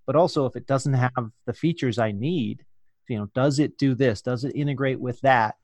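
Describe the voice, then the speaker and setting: A man hosts a podcast in loose, casual chat. He rambles a little, asks questions and slips into jokes. His voice sits at a middle pitch and sounds dry and close. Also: normal speed, darkish tone, dry recording. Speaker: podcast host.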